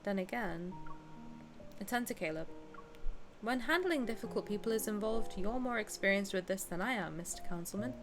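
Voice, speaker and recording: Brief: blunt, playful female streamer in her twenties reading a game aloud, clear game music behind. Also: mid-range voice, lively intonation, normal speed, long pauses. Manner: playful, blunt, chatty with viewers. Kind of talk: reading game text aloud and chatting with viewers.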